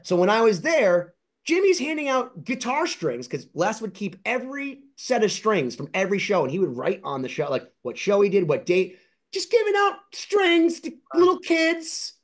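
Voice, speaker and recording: Animated man telling a story. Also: normal speed. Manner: excited, rambling anecdotes with many restarts; acts out other people's lines in high voices. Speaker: guitar collector, interview guest. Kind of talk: casual storytelling.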